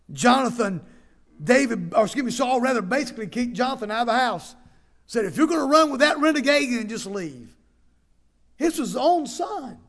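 A man's voice: very high-pitched, gravelly. A man preaching a sermon as pastor, emphatic, often repeating words and restarting phrases.

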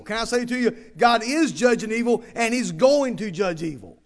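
High-voiced preaching pastor, man. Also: brisk, few pauses. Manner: preaching with emphatic repetition, reading scripture aloud. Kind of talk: sermon.

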